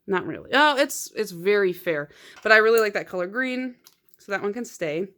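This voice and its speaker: A woman's voice: mid-range voice, expressive, moderate pace, fairly bright tone. A woman vlogger chatting casually as she sorts and swatches nail polish, poking fun at herself and laughing often. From United States. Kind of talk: casual chat.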